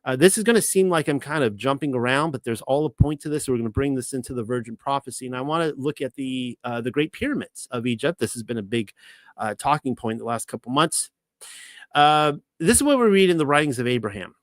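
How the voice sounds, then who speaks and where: A man's voice: medium pitch, expressive, fast talker, dry recording. A man teaching the Bible in a casual, rambling way, with many restarts and fillers. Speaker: ministry teacher.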